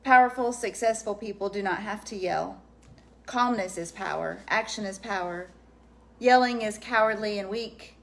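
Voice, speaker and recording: A woman with a mid-pitched voice reads aloud steadily and plainly. She is the host's wife, sitting in on his talk and chatting with him. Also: moderate pace. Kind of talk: reading aloud and casual chat.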